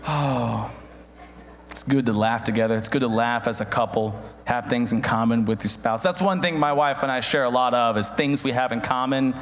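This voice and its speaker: A young man performing a stand-up comedy routine in an animated way, acting out the voices of other people. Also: mid-range voice, fairly quick, hardly any pauses. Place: comedy stage before an audience. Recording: live stage with long hall reverb.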